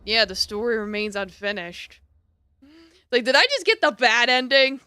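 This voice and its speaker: Bright-voiced young woman streamer. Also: fairly high pitch, expressive, normal speed, clean tone, no room sound, studio quality. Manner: chatty, bemused, thinking aloud with restarts. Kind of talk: casual gameplay commentary.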